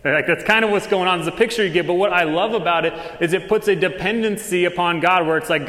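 A man's voice: high voice, fairly bright tone. Man preaching casually in an echoey hall. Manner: casual conversational preaching with quick dramatized asides. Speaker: pastor. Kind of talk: sermon. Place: church hall. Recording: echoey hall with long reverb.

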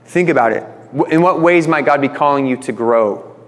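A man's voice: medium pitch, moderate pace. Male pastor in a reverberant hall. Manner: conversational, retells stories with voiced quotes. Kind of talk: sermon.

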